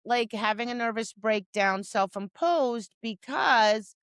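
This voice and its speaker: A woman's voice: fairly high pitch, takes it slowly, fairly bright tone, clean tone, dry recording. A woman dog trainer co-hosting a podcast, talking casually and animatedly, acting out her dog's replies and scolding owners with exasperation. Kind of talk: casual chat.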